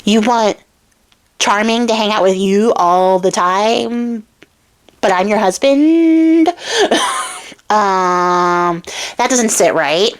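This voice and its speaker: A woman's voice: medium pitch, lively intonation, moderate pace, lightly acted. A woman voicing a vain, jealous adult king who sounds whiny and petulant.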